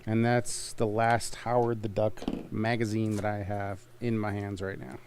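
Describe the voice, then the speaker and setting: A man's voice: on the low side, little pitch movement, a little slow, darkish tone, a little hiss or hum. Jokey man selling comics on a stream. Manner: jokey, rambling, laughs often. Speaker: host of a live comic sale stream. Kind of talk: casual sales chat.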